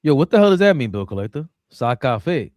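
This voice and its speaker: Lively New man, joking banter. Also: medium pitch, brisk, no room sound, studio quality. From New York (Queens). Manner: animated, joking, acts out quoted friends. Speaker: podcast co-host. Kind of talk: casual podcast chat.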